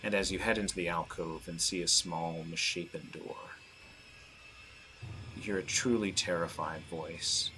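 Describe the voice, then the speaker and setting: A man narrating as game master, hesitant with fillers and slowing down for dramatic description. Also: sits low, steady tone, sharp tone, a little hiss or hum.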